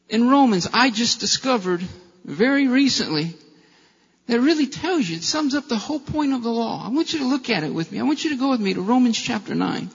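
Brief: male pastor, impassioned preacher, high gravelly voice, bright edge, long church reverb, dull lo-fi recording. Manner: impassioned preaching with rhetorical questions. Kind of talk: sermon.

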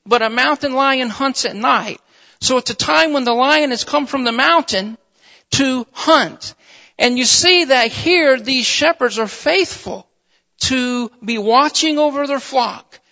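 A man preaching in a church sanctuary, his voice unusually high and bright with a gravelly edge. He moves from measured scripture reading into rising, fervent exhortation. The sound is dull and carries a long hall reverb. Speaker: pastor. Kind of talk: sermon.

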